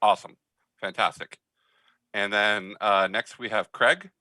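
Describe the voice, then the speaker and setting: A man running an online tabletop game as game master, talking in a halting, friendly way full of fillers. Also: lowish voice, steady tone, pushed and bright, no echo, poor audio.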